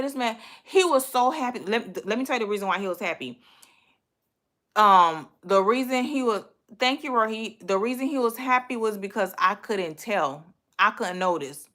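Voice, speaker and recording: A woman hosting a livestream, telling a story in an animated, profane, exasperated way. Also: fairly high pitch, normal speed. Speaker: livestream host.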